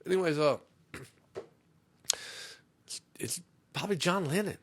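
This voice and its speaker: A middle-aged man on a comedy podcast telling a profane story, swinging between loud outbursts and muttered asides. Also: mid-range voice, sing-song, a little slow, long pauses, a little hiss or hum. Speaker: podcast host.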